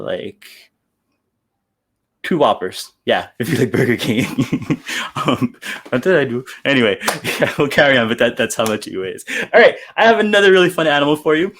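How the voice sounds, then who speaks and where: Man, zoo animal presenter, live educational show, chatty and enthusiastic, mid-pitched voice. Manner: chatty and enthusiastic, with fillers and laughs.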